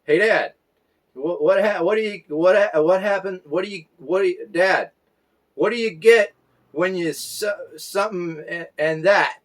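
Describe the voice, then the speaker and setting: A man's voice: a little slow, poor audio. A man doing a giggly little boy. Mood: eager. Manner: high-pitched, shouting, breaks into laughter. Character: small boy telling jokes, excited and giggly.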